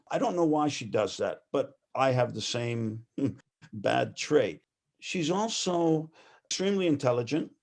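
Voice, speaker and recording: Man, gravelly voice, lively storyteller, laughs a lot, guest in an interview. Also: mid-range voice. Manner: animated anecdotal storyteller; laughs often while talking. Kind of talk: personal storytelling.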